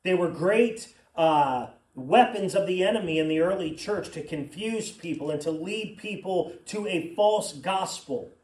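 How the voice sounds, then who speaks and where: High-voiced male pastor preaching. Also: animated, a little slow, hardly any pauses, a little mellow. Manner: conversational preaching with personal asides. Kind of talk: sermon. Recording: echoey room, mic at a distance.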